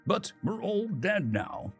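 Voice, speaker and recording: A man voicing a gentle young father who explains things slowly and patiently to his son. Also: sits high, sing-song, breathy edge, faint music behind, voice pushed up, heavily acted. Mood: patient, explaining. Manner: slow, explaining tone.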